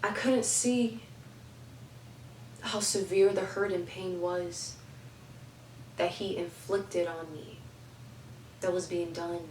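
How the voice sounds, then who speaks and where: A woman's voice: lowish voice, fairly even intonation, takes it slowly, long pauses, a little mellow, echoey room, far from the mic, slight background noise, poor audio. A young woman giving heartfelt life advice in an emphatic way, repeating phrases for stress. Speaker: advice vlogger.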